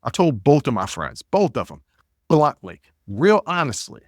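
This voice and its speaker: A man's voice: mid-range voice, sing-song, moderate pace, no room sound, studio quality. A man hosting a podcast, telling stories in a blunt, casual way and often repeating words as he thinks. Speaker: podcast host. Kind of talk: casual storytelling monologue.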